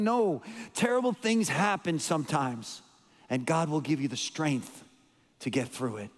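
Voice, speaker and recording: Brisk and animated, with a voice on the high side, this man preaches a storytelling sermon as a guest, emotional and rambling with frequent restarts and repeated words. The church sanctuary gives the recording a long hall reverb.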